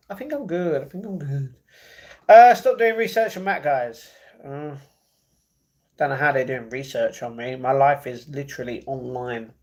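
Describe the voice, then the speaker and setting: A man's voice: a little high, darkish tone. A man from the UK, hosting a casual livestream and reading viewer comments aloud before answering them, often apologetically, into earbud microphones. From United Kingdom. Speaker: livestream host. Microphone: wireless earbuds.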